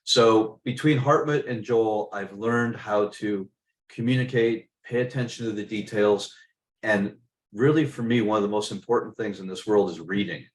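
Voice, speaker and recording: A man's voice: on the low side, moderate pace. Middle-aged man hosting a webinar, roomy sound. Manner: storytelling, conversational, emphatic. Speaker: webinar host and business mentor. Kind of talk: webinar presentation.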